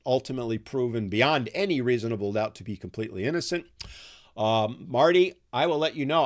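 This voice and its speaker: A man around sixty hosting a casual live chat, reading out viewer comments and rambling candidly with many ums and restarts. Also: mid-range voice. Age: 60s.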